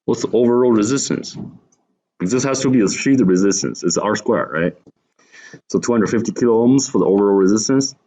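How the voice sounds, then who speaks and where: Low-voiced man lecturing to a class. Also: brisk, mellow, poor audio. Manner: explaining step by step, asking the class questions. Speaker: university lecturer.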